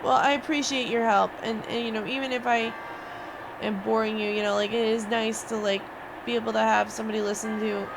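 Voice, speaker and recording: A woman's voice: a little high, fairly even intonation, brisk, gravelly. A young woman streamer venting to her viewers in a rambling, swearing rant. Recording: noisy background.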